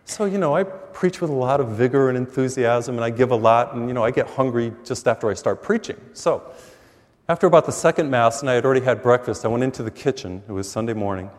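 A man who is a priest, giving a sermon and telling stories, acting out the dialogue with lively energy. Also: mid-range voice, quick pace. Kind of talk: sermon with storytelling. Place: church, taped for TV. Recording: long reverb of a church hall.

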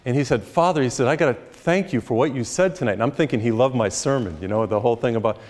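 A man preaching a sermon as a priest, telling humorous stories and acting out characters with pitch jumps. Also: fast talker, a little mellow. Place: church retreat, live. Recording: long reverb of a live hall.

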